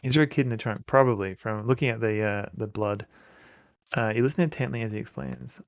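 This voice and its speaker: Gravelly Australian man streaming a game. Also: fairly low pitch, lively intonation, quick pace, no room sound. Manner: joking, reads game text aloud. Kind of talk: casual let's-play commentary.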